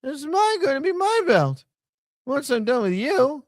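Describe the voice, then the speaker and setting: A man putting on a mocking falsetto impression of a boastful veteran woman wrestler, sneering and taunting. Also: sing-song, moderate pace, dry recording.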